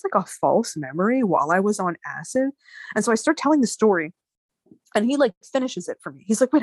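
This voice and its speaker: A woman in her thirties telling a story in casual conversation, animated, with many fillers and swearing. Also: on the low side, dry recording. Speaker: guest.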